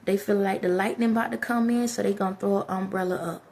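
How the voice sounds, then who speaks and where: A woman's voice: medium pitch, steady tone, fast, gravelly, darkish tone, slight background noise. A woman talking straight to her viewers in a direct, preachy way, giving life advice. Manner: direct, preachy, addresses listeners as y'all. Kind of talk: motivational talk to camera.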